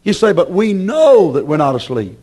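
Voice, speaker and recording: Man, preacher, sermon, high-pitched, very lively pitch, impassioned, hushed then loud. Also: normal speed. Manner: impassioned, swings between shouting and hushed; voices imagined objections from the congregation.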